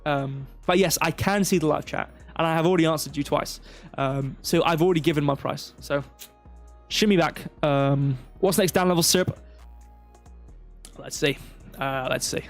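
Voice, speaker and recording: A man's voice: a little high, normal speed. A man talks through trading charts on a live stream in a slightly raised voice, stepping point by point and drifting into digressive, self-deprecating asides. Faint music runs underneath. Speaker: crypto livestream host.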